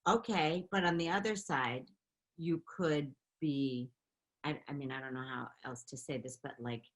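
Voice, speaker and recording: A middle-aged woman telling stories in a casual interview, animated and quick to laugh. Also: sits low. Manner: animated, laughing, chatty storytelling. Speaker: interview guest, makeup artist and beauty founder.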